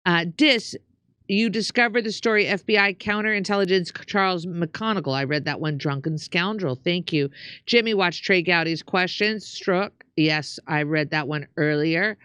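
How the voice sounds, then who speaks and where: A woman's voice: on the low side, moderate pace, fairly bright tone, clean tone, no echo. A woman co-hosting a show, casually reading out viewer comments with some hesitation. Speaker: co-host.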